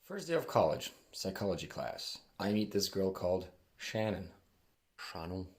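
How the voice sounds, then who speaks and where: A man's voice: sits low, very animated, normal speed, darkish tone. A young man from Switzerland telling a casual anecdote, sarcastic and doing mocking imitations of the people he quotes.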